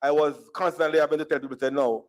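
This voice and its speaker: A man's voice: fairly high pitch, steady tone, fast talker. A man from Jamaica with a Jamaican accent, giving a humorous storytelling speech at a conference and slipping between standard English and Jamaican Creole phrasing. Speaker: conference speaker. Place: conference hall.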